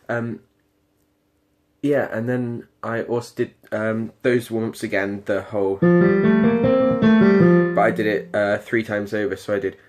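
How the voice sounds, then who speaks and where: Over loud music, a late-teen British performing arts student talks about his singing practice in a casual video diary. His lowish voice stays level and a little slow, with long pauses, many ums, and restarts as he rambles hesitantly.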